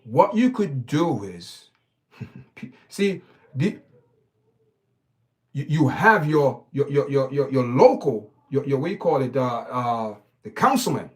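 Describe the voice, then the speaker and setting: A man's voice: medium pitch, sing-song, slow pace. A man hosting his own stream, giving preachy, emphatic commentary full of repeated words and restarts. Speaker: channel host. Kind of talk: opinionated commentary livestream.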